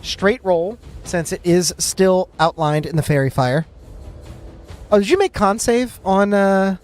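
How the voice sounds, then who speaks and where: A man narrating as game master of a tabletop role-playing game, relaxed, with frequent hesitations. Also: sits high, unhurried, soft background music.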